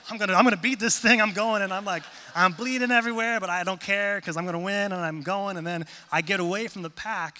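A man preaching a sermon in a church hall, conversational and self-deprecating, turning animated when he tells stories. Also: on the high side. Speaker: pastor. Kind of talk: sermon with humorous storytelling. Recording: long reverb of a large hall.

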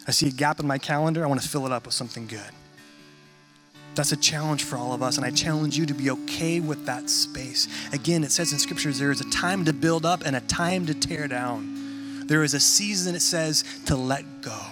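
Man, sermon, conversational and animated, fairly high voice, faint background music. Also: fairly quick. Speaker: pastor.

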